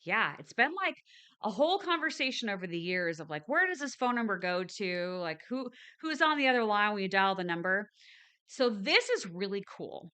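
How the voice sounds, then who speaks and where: A woman's voice: mid-range voice, very animated, normal speed, pushed and bright, clear, resonant tone. A woman hosting a spiritual live stream, talking to her viewers in a chatty, upbeat way with frequent ums and restarts. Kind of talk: casual live stream chat.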